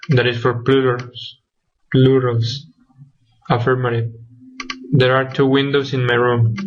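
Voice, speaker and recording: A young man presenting a grammar lesson from slides as a student, listing examples one by one. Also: mid-range voice. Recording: dull lo-fi recording.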